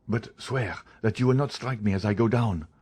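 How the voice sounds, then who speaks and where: A man's voice: fairly low pitch, normal speed, a little mellow, slightly rough. A man reading an audiobook, voicing a cowardly, fearful thief who pleads and stammers. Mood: fearful pleading.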